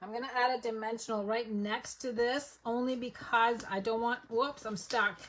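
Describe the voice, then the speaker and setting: During a live papercraft demo, a woman with a slightly high, fairly bright voice talks viewers through each step as she works. Her intonation is fairly even, her speed normal, and there's a bit of hiss or hum.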